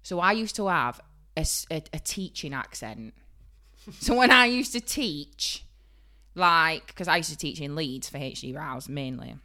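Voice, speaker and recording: A young woman with a broad Yorkshire accent, co-hosting a podcast in lively casual chat and laughing often. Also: low-pitched, unhurried. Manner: animated, laughs often, bursts loud. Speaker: podcast co-host.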